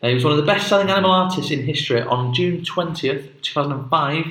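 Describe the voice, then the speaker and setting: A man's voice: a little high, fast, fairly bright tone, a little hiss or hum. Rambling man, echoey room. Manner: rambling, jokey, many fillers. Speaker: podcast co-host. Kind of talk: casual chat.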